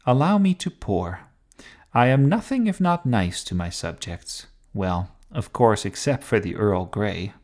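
A man's voice: lowish voice, very animated, unhurried, darkish tone. A man voicing an imperious, fussy queen in a children's story, speaking in a lofty, commanding way.

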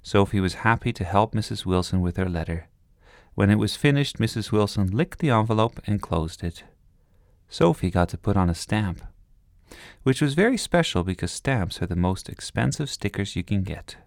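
A man reading a children's storybook aloud, expressive and steady. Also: lowish voice, normal speed, no echo, clean studio sound. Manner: warm, expressive read-aloud narration.

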